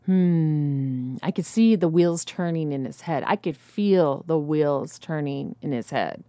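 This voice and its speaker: A woman's voice: sits low, dark tone, dry recording. A young adult woman, telling a personal story in a casual, rambling way with lots of fillers and restarts. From United States. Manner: rambling, halting, many fillers.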